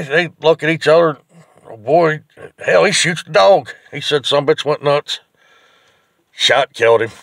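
A man's voice: on the high side, gravelly, a bit bright, no echo, clean studio sound. A man telling a rambling, folksy, profane joke, full of fillers. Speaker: joke teller.

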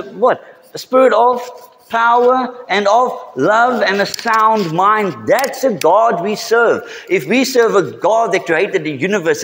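South African pastor preaching in a reverberant hall. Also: male voice, mid-range voice. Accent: South African English. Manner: rising emphatic delivery, drawn-out key phrases. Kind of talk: sermon. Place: church.

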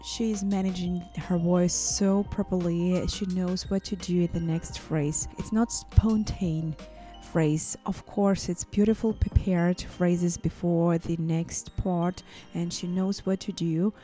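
A woman's voice: fairly low pitch, fairly even intonation, takes it slowly, mellow, soft background music. A woman who is a vocal coach and singer, giving gushing, effusive song reaction commentary.

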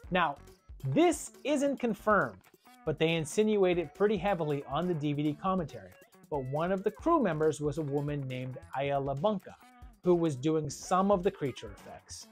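A reviewer narrating a scripted video about horror films, with a brisk and wry delivery. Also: medium pitch, expressive, soft background music.

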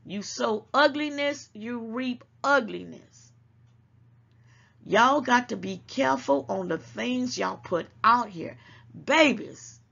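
A woman with a gravelly, fry-heavy voice gives casual, emphatic commentary straight to her viewers. She lectures a little as she talks and keeps calling them baby. The sound is dull and lo-fi. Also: fairly high pitch, expressive, takes it slowly, fairly bright tone. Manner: emphatic and preachy, calls listeners baby. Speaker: channel host.

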